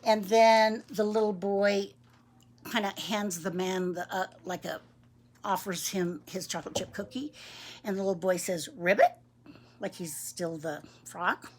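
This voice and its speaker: A woman reading a picture book aloud to young children, gentle and chatty, asking them questions. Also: mid-range voice, steady tone, unhurried, slight background noise. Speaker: storybook reader for young children.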